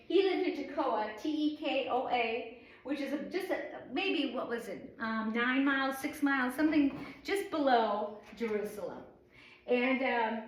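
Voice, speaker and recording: A middle-aged woman from the northern United States teaching an informal Bible study, rambling and chatty with many fillers. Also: high voice. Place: church room. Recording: echoey room.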